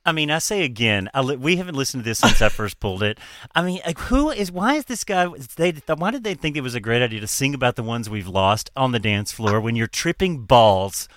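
A man's voice: mid-range voice, expressive, quick pace, few pauses, fairly bright tone, dry recording, studio quality. A man hosting a podcast in casual chat, laughing often and swearing freely as he talks. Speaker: podcast host.

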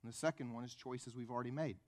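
A man's voice: medium pitch, fairly even intonation, quick pace, a little mellow. A male pastor preaching a conversational sermon full of rhetorical questions and acted-out stories.

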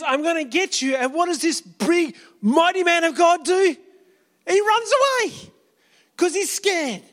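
High-voiced pastor preaching in a hall. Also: male voice, a bit bright. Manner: casual, storytelling, acts out quotes. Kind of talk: sermon.

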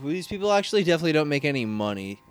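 A man's voice: on the high side, very animated, very fast, slight background noise. A man co-hosting a comedy podcast, making sarcastic jokes and laughing mid-sentence. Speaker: podcast co-host. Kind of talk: casual comedic chat.

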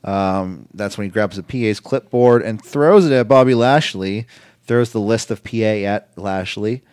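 A man's voice: lowish voice, moderate pace, darkish tone, smooth, no room sound, studio quality. A man co-hosting a casual chat, rambling with lots of fillers as he retells events. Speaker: podcast co-host.

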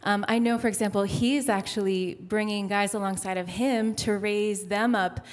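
A woman's voice: mid-range voice, steady tone. Heartfelt woman worship leader. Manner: heartfelt, with frequent ums and pauses. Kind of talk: casual talk during a sermon.

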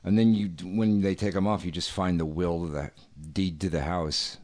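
A man's voice: low-pitched, steady tone, moderate pace, darkish tone. A man co-hosting a comedy podcast, joking sarcastically and crudely with his co-host. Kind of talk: casual comedic chat.

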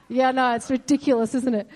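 Speaking in a church hall, a woman delivers an earnest sermon built around stories, quoting God in a soft voice. Her pitch sits high, and her tone stays steady at a moderate pace.

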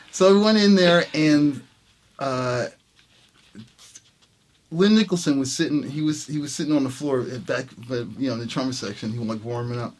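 His voice sits fairly high and moves at a normal pace. A jazz trumpet player, he recounts an anecdote conversationally in an interview, bringing the dialogue to life and laughing frequently.

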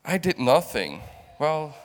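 A man's voice: a little high, very animated. A middle-aged man from the Netherlands preaching a heartfelt sermon, often repeating and restarting his words. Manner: halting, repeats words, emotional testimony. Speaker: guest preacher. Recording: long hall reverb.

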